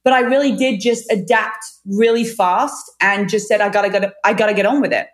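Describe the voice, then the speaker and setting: A woman's voice: medium pitch, fairly quick. A woman in her thirties, a fitness trainer and author, telling her story frankly in a casual interview, swearing now and then. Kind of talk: candid conversational storytelling.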